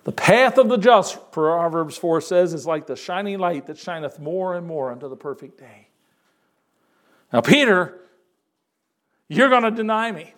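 An older man preaching a sermon, quoting scripture and repeating words for emphasis with expressive swings in delivery. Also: fairly high pitch, normal speed.

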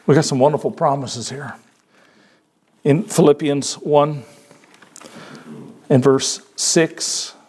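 An older male preacher delivers a sermon, his voice sitting a little high for a man. He leans on repetition, quotes scripture and lets his delivery rise and fall for emphasis. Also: slow pace, long pauses, breathy edge. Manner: expressive, repeats words for emphasis, quotes scripture.

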